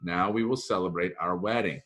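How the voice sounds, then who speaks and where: A man voicing a groom who coaxes and reassures his upset bride, raising his voice above his normal pitch. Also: a little fast, a bit bright. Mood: coaxing. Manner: coaxing, reassuring.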